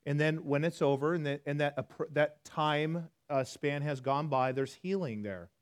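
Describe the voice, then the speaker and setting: Guy preaching in church, kinda high voice, chatty and self-deprecating, gets quiet then loud. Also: moderate pace, clean tone. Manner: conversational, self-deprecating, swings from hushed to loud. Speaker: pastor. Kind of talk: sermon.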